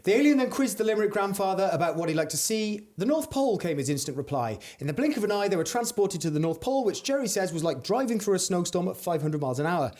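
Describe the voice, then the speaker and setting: A man's voice: high-pitched, animated, fast, hardly any pauses, darkish tone. A young adult man hosting a comedic podcast, reading strange news stories with mock-dramatic delivery. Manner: dramatic storytelling reads, playful banter. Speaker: podcast host.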